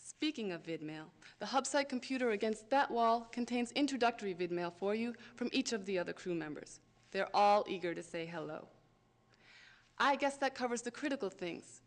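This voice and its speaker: A woman's voice: medium pitch, lively intonation, moderate pace, natural voice. A woman voicing a cheerful female medical officer in a space video game, upbeat and welcoming.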